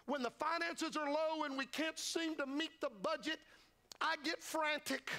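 A man's voice: very high-pitched, fairly even intonation, a little slow, vocal fry, sharp tone. An older man preaching a revival sermon as a traveling evangelist, folksy and fervent, acting out the disciples' voices. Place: church sanctuary.

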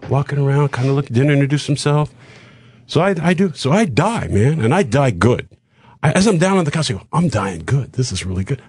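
Older man spinning a lively showbiz anecdote. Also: on the high side, husky, dry recording. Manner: animated anecdote with acted-out dialogue and quick asides. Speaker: guest comedian telling a story. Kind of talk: casual storytelling on a talk show.

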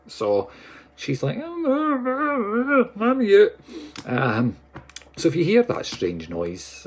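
Chatty Scottish man with a husky, lively voice. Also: mid-range voice. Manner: chatty, playful, greets viewers by name. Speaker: psychic medium hosting a live stream. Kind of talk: casual live-stream chat.

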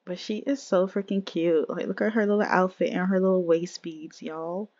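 A woman's voice: lowish voice, fairly even intonation, moderate pace, darkish tone, dry recording, dull audio. A woman giving casual, chatty let's-play commentary on a life-simulation game, talking straight to her viewers. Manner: chatty, addresses viewers as y'all. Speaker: game streamer.

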